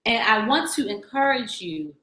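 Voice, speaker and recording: A woman's voice: fairly high pitch, animated, normal speed, pushed and bright, reverberant. A woman in her thirties hosting a radio show, speaking in an earnest, encouraging, conversational way about faith. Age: 30s. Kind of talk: heartfelt faith talk.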